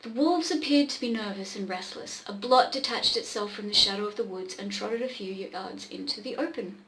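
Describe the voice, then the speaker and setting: A woman's voice: mid-range voice, normal speed, fairly bright tone, reverberant, slight background noise, low-quality recording. A woman hosting a show, casually reading an old pulp story aloud, with irreverent swearing asides. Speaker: podcast host reading old pulp stories.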